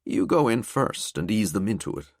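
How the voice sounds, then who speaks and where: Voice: mid-range voice, normal speed, no room sound, clean studio sound. A man voicing a wry skeleton detective. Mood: reassuring. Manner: wry, chatty, calm. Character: living skeleton detective, dry wit.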